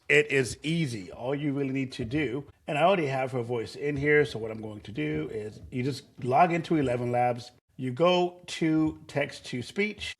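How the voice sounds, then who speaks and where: Regular-pitched guy doing a chill screen share tutorial, rambly, lots of ums and restarts. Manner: loose and conversational, with frequent fillers and restarts. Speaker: tutorial host.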